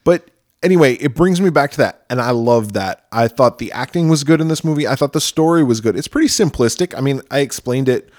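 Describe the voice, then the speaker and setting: A man co-hosting a podcast chats casually, rambling with enthusiasm about films he likes. His medium-pitched voice has a darkish tone and an animated, brisk delivery. The recording is dry and of studio quality.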